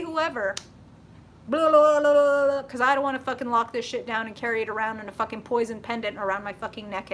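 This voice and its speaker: A woman giving a live tarot reading, blunt and profane, talking casually and getting animated as she goes. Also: high voice, slight background noise. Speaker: tarot reader.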